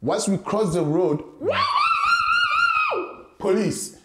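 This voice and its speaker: A young man from Ghana with a Ghanaian accent, telling a story in a casual interview, animated and laughing often as he acts out voices. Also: high voice, drawn-out words, roomy sound, raised voice, very noisy. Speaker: guest boxer.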